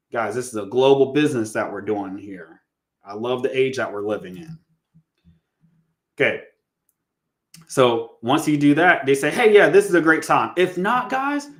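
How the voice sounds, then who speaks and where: A man coaching listeners in a relaxed, conversational way, calling them guys and acting out sample phone lines. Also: mid-range voice. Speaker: real estate coach. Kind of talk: casual teaching monologue.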